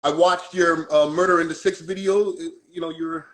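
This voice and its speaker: A man's voice: a little high, fairly even intonation, normal speed, a bit bright. A man with a Toronto accent, a guest on a casual live-stream chat, talking in a laid-back, slangy way. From Canada.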